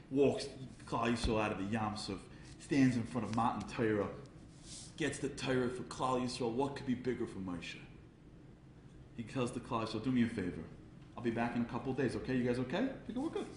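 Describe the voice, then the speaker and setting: A man gives a comic storytelling speech at a charity event. He acts out voices and builds to loud peaks. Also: lowish voice, roomy sound, a little hiss or hum. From Brooklyn, New York.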